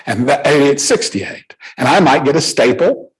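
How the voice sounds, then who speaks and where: A man, an attorney, explaining a legal case to a judge step by step, speaking fast over a video call. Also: mid-range voice, expressive, rough recording. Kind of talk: courtroom argument.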